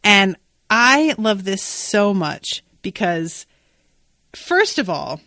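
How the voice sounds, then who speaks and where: A woman's voice: mid-range voice, very animated, drawn-out words, bright, forceful tone, dry recording, clean studio sound. A woman hosting a podcast, recapping an episode in casual, enthusiastic, emphatic chat with some swearing. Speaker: podcast host.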